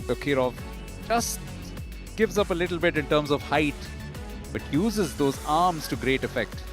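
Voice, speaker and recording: A man commentating live on a boxing bout, giving measured, analytical play-by-play. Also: on the high side, animated, over music.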